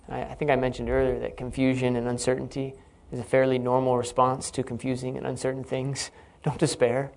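Gravelly man giving an earnest sermon. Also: mid-range voice, monotone, a little fast, hardly any pauses, a little mellow. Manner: earnest and reflective, explanatory. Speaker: Bible teacher.

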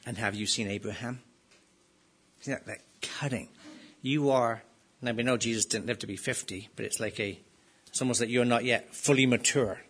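A man's voice: mid-range voice, normal speed, husky. A man preaching an expository sermon, asking his listeners rhetorical questions and pressing hard on key phrases. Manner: emphatic, rising to loud stresses on key phrases.

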